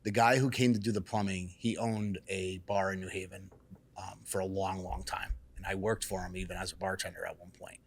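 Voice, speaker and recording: Low-voiced man telling a casual story. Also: brisk, creaky. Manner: animated, acts out quotes in raised excited voices; casual, swears freely. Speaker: salon and barbershop owner, guest.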